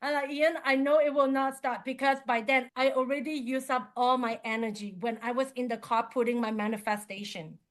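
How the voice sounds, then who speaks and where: A woman with a high voice shares a personal story in a workshop. She is animated and acts out each line of dialogue. She talks in plain, simple English and laughs often. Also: a little fast, few pauses. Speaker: qigong teacher.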